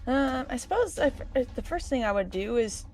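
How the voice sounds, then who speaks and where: A woman's voice: high-pitched, expressive, brisk, a little mellow, soft background music. Hesitant woman playing a tabletop game. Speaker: player.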